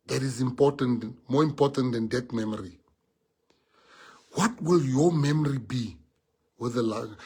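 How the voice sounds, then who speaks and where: A man's voice: mid-range voice, measured pace, darkish tone, breathy edge. A man with a South African accent, a party leader giving a heartfelt speech to his members, earnest and repeating key phrases for emphasis.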